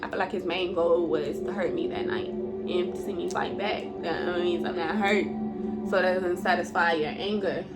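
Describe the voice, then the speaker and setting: A woman's voice: fairly low pitch, normal speed, loud music behind the voice. A woman telling a personal story in a storytime vlog, blunt and profane, emotional, breaking into laughs now and then.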